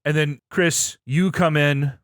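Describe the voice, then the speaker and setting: A man co-hosting a podcast, telling a story in an excitable, profane way that swings between low asides and loud outbursts. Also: slow pace, no echo, clean studio sound. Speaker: podcast co-host. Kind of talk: animated casual storytelling.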